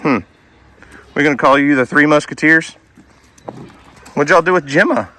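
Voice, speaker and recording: A man's voice: on the high side, moderate pace, sharp tone. A man chatting casually and jokingly to his farm animals outdoors at a barn. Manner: joking, coaxing, talks to animals like pals. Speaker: homesteader vlogger.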